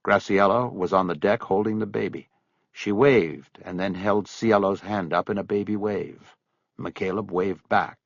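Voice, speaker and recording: A man reading an audiobook as narrator in an expressive storytelling way. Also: deep voice, moderate pace, creaky, no echo, dull audio. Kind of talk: scripted narration.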